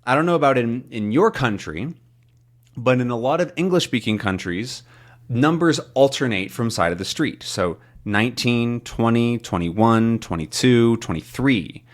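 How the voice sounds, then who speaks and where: Slow-speaking man teaching English. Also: mid-range voice, lively intonation. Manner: slow, clear explanations for learners. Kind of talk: reading a comic aloud for learners.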